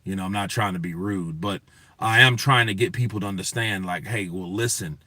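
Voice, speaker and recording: A man's voice: deep voice, fairly quick, sharp tone, no echo. A man hosting a boxing news show, talking in a casual, profane, emphatic rant to his viewers. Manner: profane, emphatic, talks to chat.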